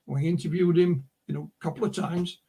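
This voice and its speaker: A man's voice: on the high side, fairly even intonation, brisk, creaky, dark tone, slightly rough. A middle-aged man, an author and publisher, telling rambling anecdotes as a guest in a casual interview. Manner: rambling anecdotal storyteller, full of asides. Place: remote interview call.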